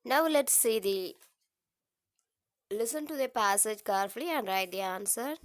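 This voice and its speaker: A woman's voice: a little high, lively intonation. Woman teacher reading word lists. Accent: Indian English. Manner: reads word lists slowly and clearly. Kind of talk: textbook exercise lesson.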